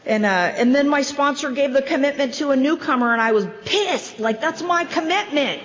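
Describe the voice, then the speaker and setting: A woman in her fifties or older shares her recovery story from a podium, her voice sitting a bit high. She tells it with wry, self-deprecating asides. The long reverb of a large hall trails her words on a dull recording. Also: fairly quick. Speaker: convention opening speaker. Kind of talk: recovery meeting speaker share. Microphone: podium microphone.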